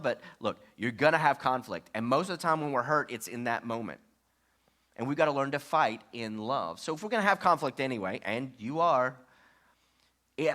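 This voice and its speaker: Bright-voiced man preaching conversationally. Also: a little high. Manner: conversational preaching, often checks in with "okay?"; acts out sample quotes in shifting voices. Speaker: pastor. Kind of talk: sermon.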